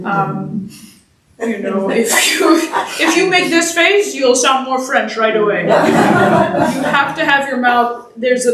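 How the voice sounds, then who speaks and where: A young adult woman, a singer answering audience questions after a concert, explaining things in a chatty way with quick laughs. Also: mid-range voice. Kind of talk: casual post-concert Q&A. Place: church concert hall. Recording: echoey hall from far off.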